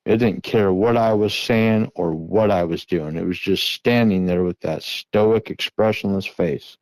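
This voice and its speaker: A middle-aged man earnestly retelling a tense encounter in the first person, now and then shouting out the calls he made. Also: low-pitched, a little slow, no echo, low-quality recording. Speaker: guest recounting an encounter.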